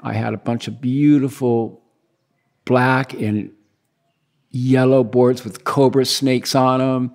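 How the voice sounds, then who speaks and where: A man in his sixties from the United States, telling stories as a guest in a relaxed, rambling way and acting out the dialogue he quotes. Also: medium pitch, slow. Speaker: guest, big-wave surfer. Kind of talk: casual storytelling interview.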